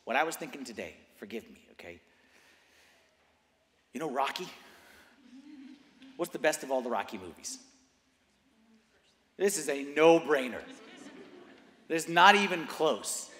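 Animated preacher with a bright, echoing voice. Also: male voice, mid-range voice, measured pace, long pauses. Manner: animated, swings from hushed to loud emphatic bursts; drives points home with repeated phrases. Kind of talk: sermon. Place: church. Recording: echoey church hall with long reverb.

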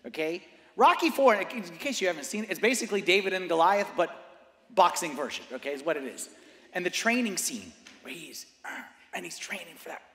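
A man delivers an animated sermon, his voice pitched high and ringing bright. He drops to near-whispers, then climbs into loud, emphatic bursts, hammering each point with repetition. The sound carries a long, echoing church reverb. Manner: drives points home with repeated phrases. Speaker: preacher.

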